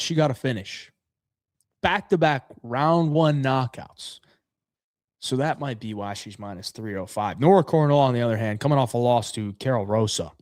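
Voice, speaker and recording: A laid-back man co-hosts a podcast, chatting casually about betting. His voice sits in the mid range, and the recording is dry and studio quality.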